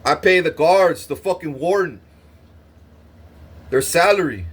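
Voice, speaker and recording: A man's voice: fairly high pitch, a little slow, husky. A man ranting to camera, threatening and boasting in a profane, swaggering way, often stuttering on restarts. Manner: repeats himself with stuttered restarts. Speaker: vlogger. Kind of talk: angry boastful rant to camera.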